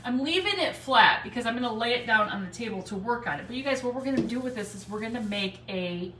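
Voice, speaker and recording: A woman's voice: on the high side, animated, fast, fairly bright tone. A woman hosting a casual live craft stream from home, chatting and greeting viewers by name with frequent laughter. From Michigan, United States. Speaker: craft livestream host. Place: home, snowy day. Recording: echoey room, speaker a bit far from mic.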